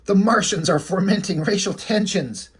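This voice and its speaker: A man's voice: high-pitched, moderate pace, slightly rough, voice pushed up. A man voicing a paranoid male bomber who rants self-importantly about Martian mind control, in a comic read-along. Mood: raving. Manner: frantic, self-important ranting.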